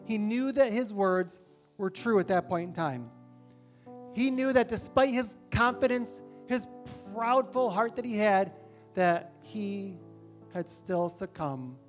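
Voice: medium pitch, takes it slowly. Conversational preacher with faint music behind. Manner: conversational, asks rhetorical questions. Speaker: pastor. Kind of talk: sermon.

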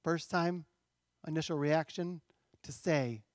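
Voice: medium pitch, takes it slowly, dry recording, studio quality. A pastor preaching a sermon in a church, talking conversationally and asking rhetorical questions.

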